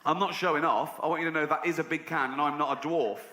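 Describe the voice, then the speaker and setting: Middle-aged English stand-up comic, sardonic delivery with sudden high-pitched voicings, recorded in a reverberant venue with audience noise. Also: male voice, fairly even intonation, fast. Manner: sardonic storytelling, voices other people with pitch jumps. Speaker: stand-up comedian. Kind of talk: stand-up routine. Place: large live venue.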